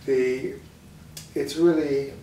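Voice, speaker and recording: A man, a psychologist being interviewed, speaking in a calm, measured way. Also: medium pitch. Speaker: psychologist guest. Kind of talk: interview conversation. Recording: roomy room sound from a distant mic, faint noise.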